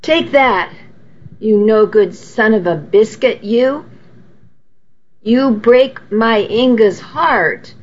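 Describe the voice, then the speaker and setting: A woman's voice: fairly high pitch, extremely slow. A woman voicing a feisty elderly grandmother who speaks fierce, clipped broken English, on a dull lo-fi recording. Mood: furious.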